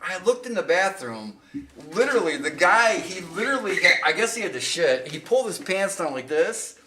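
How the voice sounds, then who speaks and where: A man's voice: sits high, very animated, moderate pace, sharp tone, distant mic. A middle-aged man casually telling long, rambling, profane stories on a podcast and laughing at his own tales. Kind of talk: casual storytelling chat. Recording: roomy sound, away from the mic.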